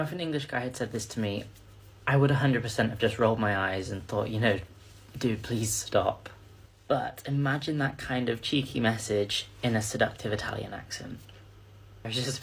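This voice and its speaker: A man's voice: fairly low pitch, creaky, a bit bright, husky. A man telling a self-conscious storytime in a confiding way. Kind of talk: storytime narration.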